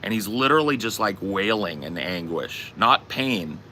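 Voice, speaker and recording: Podcast host, low voice, bright tone, cusses freely while telling a story. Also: male voice, moderate pace, slight background noise. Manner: swearing, animated anecdote-telling. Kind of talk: casual storytelling chat.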